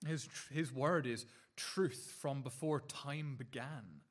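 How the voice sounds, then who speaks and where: A man preaching a sermon earnestly, repeating words and restarting phrases, and slowing down to linger on key lines. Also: mid-range voice.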